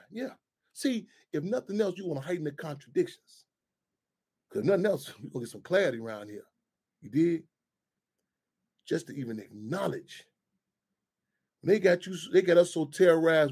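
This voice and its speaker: A man's voice: high voice, husky. A man hosting a radio talk show, speaking in loose, profane street talk full of restarts.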